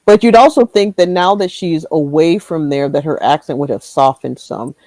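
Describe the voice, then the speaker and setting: Woman panelist, casual podcast chat, soft trailing delivery, dry close sound. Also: low voice, moderate pace, dry recording, rough recording. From Michigan, USA.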